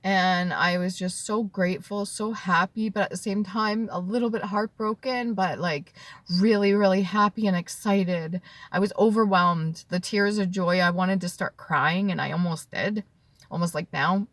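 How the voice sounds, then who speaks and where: A woman's voice: medium pitch, steady tone, normal speed, no room sound. Heartfelt woman in her thirties, dry and close. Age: 30s. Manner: tearful and heartfelt, drifting between soft whispers and earnest talk. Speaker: vlogger. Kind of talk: emotional personal story to camera.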